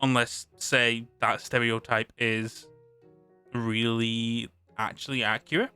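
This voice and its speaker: A man's voice: medium pitch, flat delivery, takes it slowly, pushed and bright, smooth, soft background music. A British man streaming live, reading a tabletop game rulebook aloud and chatting about it between passages. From Britain. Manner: reads aloud then chats, with restarts.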